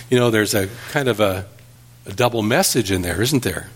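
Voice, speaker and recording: A man's voice: lowish voice, normal speed. A man preaching an earnest sermon as pastor, telling stories and building emphasis.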